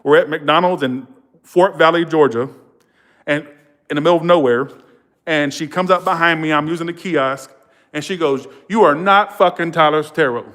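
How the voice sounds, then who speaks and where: Animated man telling stories on a livestream. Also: a little high, moderate pace, long pauses. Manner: animated, emotional, swears freely; thanks viewers warmly and repeatedly. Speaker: tarot reader hosting a livestream. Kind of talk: casual livestream storytelling.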